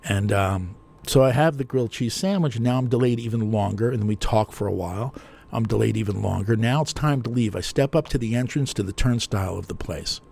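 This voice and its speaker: A man's voice: on the low side, vocal fry, a little mellow, breathy edge. An older man with a New Jersey accent, telling a long, digressive story in a chatty, self-mocking way as a radio host. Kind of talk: rambling storytelling monologue.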